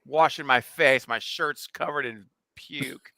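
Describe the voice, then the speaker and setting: Animated man telling a story. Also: mid-range voice, takes it slowly, vocal fry, no room sound. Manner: animated storyteller, laughs often. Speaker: co-host. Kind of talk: casual livestream storytelling.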